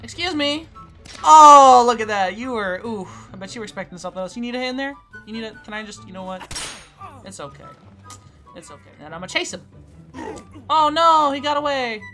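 A woman giving casual commentary on her own gameplay, playfully taunting the other players and swinging from quiet mutters to loud squeals. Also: a little high, expressive, rapid-fire, few pauses, faint music behind. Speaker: gaming YouTuber.

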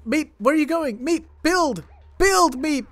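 A man commentating his first try at a game, panicking, laughing and yelling at his characters, then calming down to talk to viewers. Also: extremely high pitch, unhurried. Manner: calmer, chatty sign-off to viewers. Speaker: gaming YouTuber. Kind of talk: let's play commentary.

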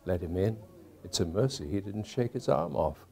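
A man narrating a classic holiday tale in a theatrical, expressive storytelling style. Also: low voice, moderate pace. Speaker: actor and narrator.

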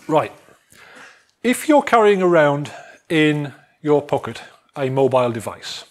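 A man lecturing a student society on wifi security in a jovial, animated way, acting out phones calling for networks. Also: a little high. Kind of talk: technical talk to a student society.

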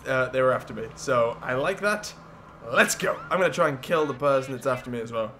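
A young man giving excitable, jokey gameplay commentary as a gaming YouTuber. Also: a little high, a little hiss or hum. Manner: excitable, jokey, swears and laughs often.

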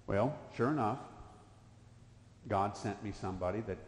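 A man's voice: on the low side, moderate pace. A man in his fifties preaching a sermon in a church, telling a personal story in folksy speech that swells into emphatic bursts. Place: church sanctuary. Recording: echoey church hall.

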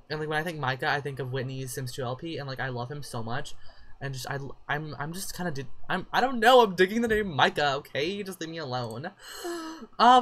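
A let's play YouTuber giving casual gameplay commentary, chatty and gushing, who swears, trails off and bursts into high excited exclamations.

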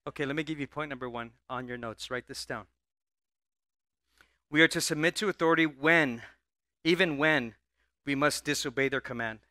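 Male pastor, animated sermon, bright slightly high voice, dry close recording. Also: moderate pace, pauses often, dry recording. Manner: animated preaching, prompts the congregation to answer; stammers and repeats words. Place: church sanctuary.

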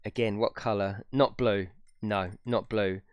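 A man's voice: lowish voice, steady tone, measured pace, clear, resonant tone, dry recording. A young man casually chatting on a live stream, swearing freely and laughing often. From United Kingdom. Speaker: gaming streamer.

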